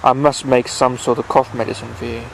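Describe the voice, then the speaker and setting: A man reading aloud and voicing a brave, kindly little traveller who asks questions in an inquisitive, gently coaxing way. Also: medium pitch, level tone, a little fast, vocal fry, slight background noise, lightly acted, low-quality recording. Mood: curious.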